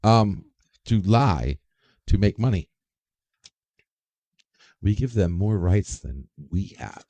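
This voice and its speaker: A low-pitched man with a gravelly, very dark voice hosts a casual livestream. He rambles, swears freely and greets viewers from the chat by name. The sound is dry and close. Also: animated, slow pace, long pauses, no echo. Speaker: livestream host.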